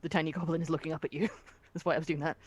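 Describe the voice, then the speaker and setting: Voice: medium pitch, flat delivery, racing, husky. A game master running a tabletop game in a chatty way, laughing between descriptions.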